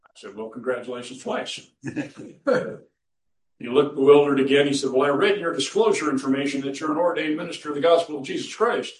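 This man's fairly high voice moves briskly as he preaches a folksy, story-driven sermon in a church sanctuary, laughing a little at his own tales; he serves as pastor and counselor. Distant, roomy church recording with a touch of hiss or hum.

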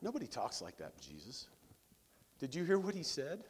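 A man preaching a sermon in a church sanctuary, talking with his congregation in an easy, conversational way and tossing them rhetorical questions. His voice sits at an ordinary middle pitch. A long reverb hangs on every phrase, as in a large hall. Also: huge pitch swings, moderate pace, a little hiss or hum. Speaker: pastor.

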